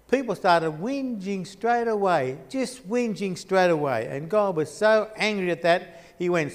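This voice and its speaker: A man's voice: sits high, big-room sound. A man teaching a Bible geography class at a church, rambling with frequent restarts as he points at a map. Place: church hall.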